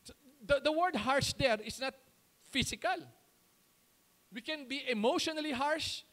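A man's voice: very high voice, moderate pace, bright, forceful tone. A man with a Filipino accent, a pastor preaching a sermon in Taglish, firing rhetorical questions and answering them himself.

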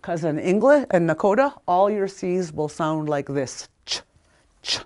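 A woman's voice: lowish voice, lively intonation, measured pace, a little mellow. A woman teaching a language lesson, patiently sounding out words and repeating them, with small apologies for slips.

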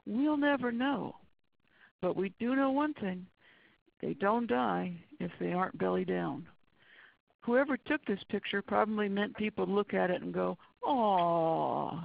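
Gravelly blunt pathologist giving a webinar talk, dull lo-fi audio. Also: medium pitch, no echo. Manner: earnest, blunt, emphatic. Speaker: forensic pathologist. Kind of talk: webinar lecture.

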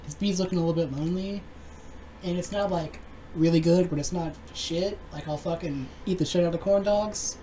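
A man who is a guest in a casual chat, joking and tossing off quick banter. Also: sits high, dark tone, slight background noise, poor audio.

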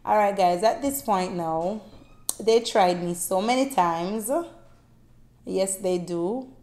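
A woman, chatting to her viewers in a casual, heartfelt way, swinging between loud bursts and soft tones. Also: mid-range voice, slow. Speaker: vlogger. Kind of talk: casual storytelling to camera. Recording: roomy echo, faint music.

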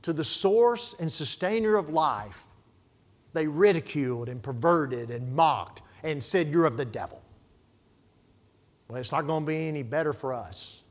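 A middle-aged man gives a sermon in a voice on the high side, with lively intonation and a measured pace. He tells stories, veering from forceful emphasis to quiet asides.

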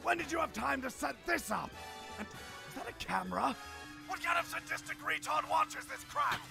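An actor playing a big, dim, brutish alien fighter in a cartoon parody dub, with a gravelly voice and hammy bravado. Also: male voice, very high-pitched, big pitch swings, normal speed, music in the background, exaggerated voice. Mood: annoyed.

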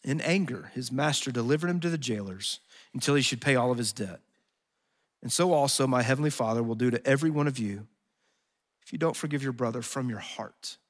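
A man preaching a sermon as pastor, in an earnest, conversational way that voices imagined speakers, then slowing into soft prayer. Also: medium pitch. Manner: closes in soft, slow prayer. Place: church sanctuary. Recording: long hall reverb.

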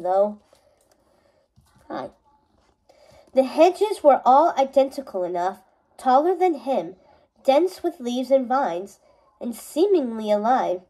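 High-voiced woman reading a novel aloud. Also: poor audio. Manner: steady storytelling with small self-corrections. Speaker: reader.

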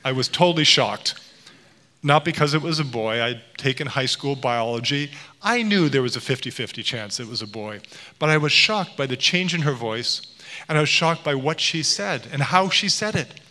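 A man's voice: medium pitch, expressive, moderate pace, bright, forceful tone. A middle-aged man giving a public lecture, telling stories with playful voice impressions. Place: lecture hall. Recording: long hall reverb.

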